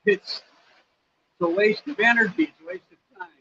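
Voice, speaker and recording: A man's voice: sits high, measured pace, sharp tone, breathy edge. Laid-back American man chatting on a livestream. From United States. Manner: rambling, laid-back, many fillers and restarts. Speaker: vlogger hosting a livestream. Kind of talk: casual live chat answering viewers. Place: his home in Cambodia. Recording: slightly dull sound, faint background noise.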